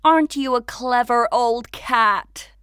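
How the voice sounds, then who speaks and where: A woman voicing a tidy, fussy woman painter who speaks briskly. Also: on the high side, fairly bright tone, clean tone, no room sound, studio quality, voice pushed up.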